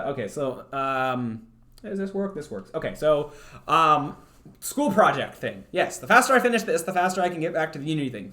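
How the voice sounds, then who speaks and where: Young Canadian-born streamer, slightly high pitch, loose stammering chat while he works. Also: a bit bright. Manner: rambling, stammering, many fillers. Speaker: livestreamer. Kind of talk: casual rambling chat.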